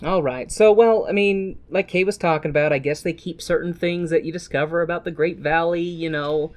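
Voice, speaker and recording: Low-voiced rambling woman podcaster. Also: a little fast, a little mellow. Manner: rambling, self-correcting, dry humor. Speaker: podcast co-host. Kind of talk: casual chat and film recap.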